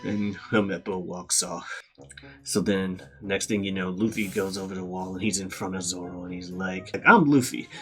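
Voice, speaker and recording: A man's voice: deep voice, moderate pace. A man recapping a story casually, with lots of swearing and laughter. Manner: profane, laughing, animated. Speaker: series host.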